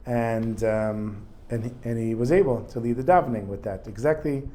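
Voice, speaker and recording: A man's voice: medium pitch, normal speed, mellow. A man teaching a religious lesson in a casual storytelling manner, with asides. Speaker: Torah teacher.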